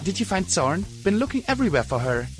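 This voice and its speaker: A cheeky young unicorn filly, acted by a man in a high, quick, teasing voice. Her voice bounces a lot as she speaks, in a storybook audio reading. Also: big pitch swings, faint music behind.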